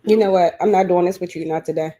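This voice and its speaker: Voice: mid-range voice, fairly even intonation, fast talker, mellow, a little hiss or hum, close to an everyday voice. A performer voicing a stern pet owner who scolds her dog with curt, repeated orders in a comedy voiceover.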